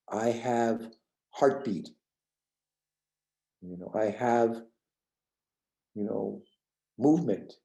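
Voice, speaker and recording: Older male workshop trainer from the New York suburbs, gravelly and very dark, casual lecture with halting restarts. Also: medium pitch, low-quality recording. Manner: rambling, repeats words and restarts, gentle. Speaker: trainer leading a parenting workshop.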